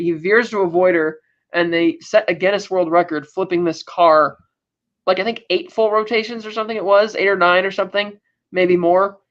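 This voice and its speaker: High-voiced man recapping a film. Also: highs cut off. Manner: animated retelling with frequent restarts and fillers. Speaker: podcast co-host. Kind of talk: casual podcast film recap.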